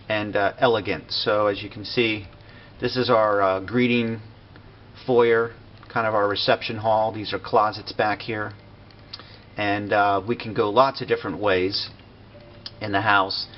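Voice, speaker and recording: A man giving a casual walkthrough of a building he made in a game, relaxed and full of fillers and pauses. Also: fairly low pitch. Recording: dull lo-fi recording with faint noise.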